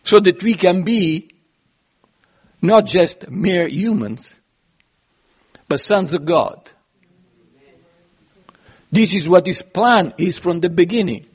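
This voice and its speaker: Man giving a sermon, fairly high and slightly husky, earnest with swelling emphasis. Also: expressive, slow pace, pauses often. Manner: earnest, emphatic, with sudden rises and drops in loudness. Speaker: preacher.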